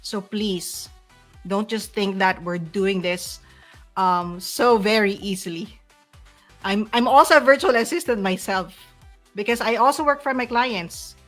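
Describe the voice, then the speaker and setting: A woman's voice: medium pitch, unhurried, a bit bright, faint music behind. A middle-aged woman with a Filipino accent, a guest speaking earnestly and emotionally about running her agency, often restarting her sentences. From Philippines. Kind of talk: heartfelt interview talk.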